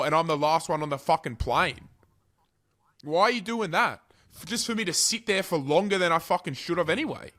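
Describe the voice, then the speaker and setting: A young Australian man telling a story on a podcast, animated and sweary, his voice swinging between loud and quiet. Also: on the high side, fairly quick. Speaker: podcast co-host. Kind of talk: casual storytelling chat.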